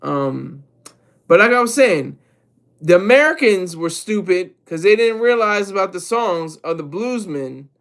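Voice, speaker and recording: A man's voice: sits high, animated, a little slow, fairly bright tone. A man streaming live, commenting on music and answering his chat in a loose, rambling way, often repeating and correcting himself.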